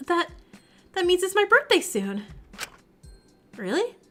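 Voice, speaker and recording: Woman reading a shy apologetic girl, high voice, kinda nervous. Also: big pitch swings, takes it slowly, a bit bright, soft background music, heavily acted. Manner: timid and apologetic. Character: shy, modest young woman with a birthday coming.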